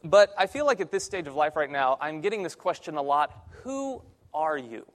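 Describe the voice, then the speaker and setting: A man's voice: a little high, quick pace. A young man, a church intern, preaching a conversational sermon with self-deprecating humor in a church sanctuary. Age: young adult.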